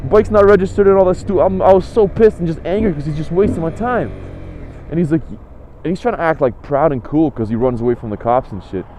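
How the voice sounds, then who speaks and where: A man's voice: on the high side, brisk, dark tone, a little hiss or hum. A young man telling a story in a profane, exasperated, sarcastic rant. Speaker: motorcycle vlogger.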